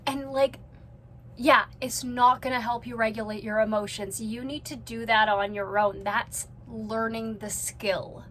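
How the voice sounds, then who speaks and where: A woman with a fairly high voice doing reaction commentary for her vlog. She is blunt and swears freely, and she speaks straight to the person she is watching as if they could hear her. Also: fairly even intonation, unhurried, a bit bright, a little hiss or hum. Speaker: reaction vlogger.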